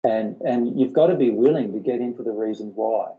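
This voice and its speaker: A man's voice: medium pitch, brisk, narrow, tinny audio. A man leading a spiritual workshop, explaining earnestly and often repeating his words. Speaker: workshop teacher.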